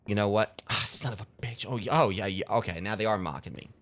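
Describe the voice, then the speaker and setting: A gaming channel host rambles and jokes through casual let's play commentary, packed with fillers. His voice is on the low side and a bit bright, and he talks fast.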